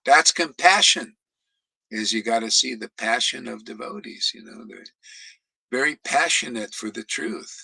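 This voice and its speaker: A man in casual spiritual chat, rambling and animated, acting out quotes as he talks. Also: medium pitch, normal speed, vocal fry, husky, dry recording, low-quality recording. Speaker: spiritual teacher.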